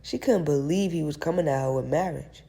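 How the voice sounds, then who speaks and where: A woman narrating an audiobook in a steady, even reading voice. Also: deep voice, brisk, gravelly. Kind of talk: scripted narration.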